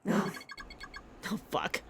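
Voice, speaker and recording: A woman streaming a game, reacting loudly, swearing and reading lines aloud. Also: extremely slow, slight background noise. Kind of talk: casual game playthrough commentary.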